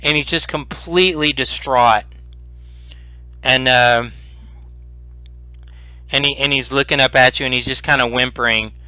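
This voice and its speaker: A man running a tabletop game as game master, describing the scene slowly and deliberately. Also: medium pitch, steady tone, sharp tone, clear, resonant tone, no echo.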